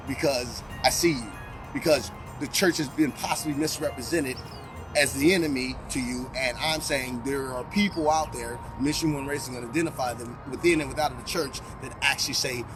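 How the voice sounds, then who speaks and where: A man running a long charity run, talking casually and earnestly to his camera over background music. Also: a little high. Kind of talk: casual vlog talk.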